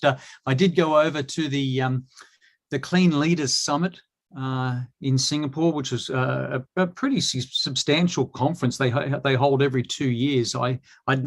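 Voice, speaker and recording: Australian man, middle-aged, hesitant, lots of fillers and restarts, mid-pitched voice. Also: steady tone, normal speed. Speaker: guest, cleaning industry expert. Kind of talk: casual online chat.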